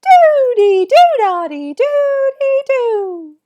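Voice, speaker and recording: Squeaky silly voice, put on by a woman teacher, very high, playful, loud. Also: very animated, extremely slow, highs cut off, exaggerated voice. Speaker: music teacher.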